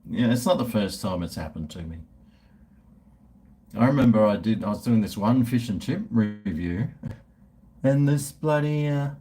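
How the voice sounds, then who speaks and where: An Australian man talks casually on a livestream, reading out and answering viewers' comments. His pitch moves around a lot as he rambles, with restarts and trailing thoughts. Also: expressive, normal speed, warm tone. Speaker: food reviewer and livestreamer.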